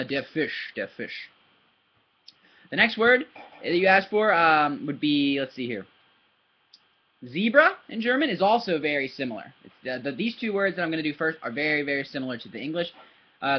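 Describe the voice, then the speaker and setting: Husky guy teaching a kid german words, animated, keeps asking right?, kinda muffled audio. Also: fairly high pitch. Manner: patient, encouraging, explains slowly with many "right?" checks. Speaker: language tutor. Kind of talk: casual video lesson for a child. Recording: dull lo-fi recording.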